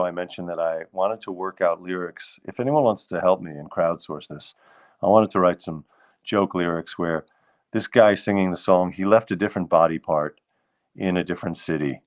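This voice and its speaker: A man hosting a live stream, singing old standards slowly and chatting in a quick, joking way between songs. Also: deep voice, highs cut off. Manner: croons show tunes slowly, then chats fast and jokey. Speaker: host of a live music stream.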